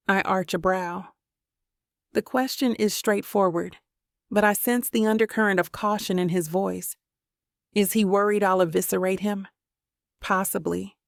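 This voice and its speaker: Gravelly-voiced woman narrating a romance. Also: mid-range voice, steady tone, measured pace, pauses often, no echo, clean studio sound. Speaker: audiobook narrator. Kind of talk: first-person romance audiobook narration.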